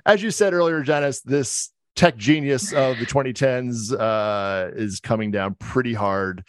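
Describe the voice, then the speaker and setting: A man chatting on a podcast in a rambling, loose way, full of restarts and fillers. His voice sits in an ordinary middle pitch. The sound is very dry and close. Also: unhurried, smooth, no room sound. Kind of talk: casual podcast chat.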